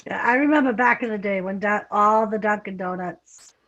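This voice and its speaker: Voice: mid-range voice, moderate pace, a bit bright. Easygoing voice on muffled call. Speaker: friend in group call. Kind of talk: casual chat. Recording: dull lo-fi call audio.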